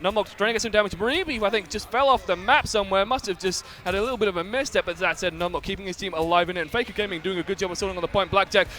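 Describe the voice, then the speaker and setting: A man casting an esports match with excitable play-by-play commentary that rises to shouts in big plays. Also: high-pitched, racing, hardly any pauses. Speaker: esports caster.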